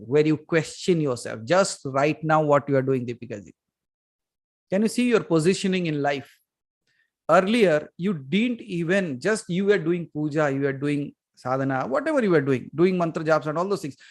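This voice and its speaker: Man, fairly high voice, animated teaching, rhetorical questions. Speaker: spiritual teacher. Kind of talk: Q&A session on a video call.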